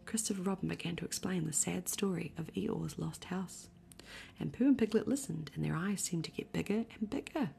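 A woman reading a bedtime story aloud in a soft, slow, whispery ASMR voice. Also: lowish voice, gravelly, a little hiss or hum.

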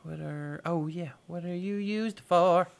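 A man's voice: high voice, measured pace, vocal fry. A man hosting a gaming video, giving casual let's-play commentary and thinking aloud with playful, goofy exclamations.

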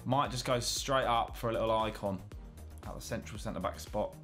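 Here the same young host chats through gameplay with a friend, laughing a lot in loose banter. He speaks in a lowish, fairly bright voice at a slightly fast clip, with faint music behind him.

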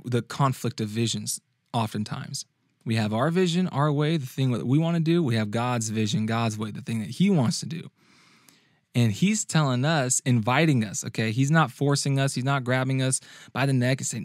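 A man's voice: no echo, clean studio sound. Young man preaching casually. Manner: conversational, restarts often, acts out quotes in a higher sung voice. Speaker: youth preacher and podcast host. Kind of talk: casual sermon-style talk.

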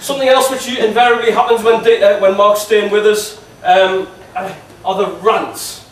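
A man giving a wedding speech, teasing and halting with many ums and restarts. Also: sits high, steady tone, background noise. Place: wedding reception hall. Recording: echoey hall, distant mic, laughing crowd. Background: guests laughing.

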